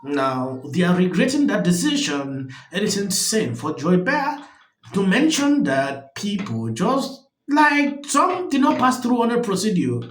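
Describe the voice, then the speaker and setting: A man's voice: sits high, roomy sound, low-quality recording. A man hosting a reaction commentary channel, speaking emphatically and with disbelief.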